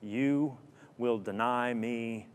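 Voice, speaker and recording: A man voicing a gentle, solemn male teacher who speaks softly and slowly, offering forgiveness. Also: mid-range voice, clean tone. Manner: soft, slow, solemn. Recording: long hall reverb.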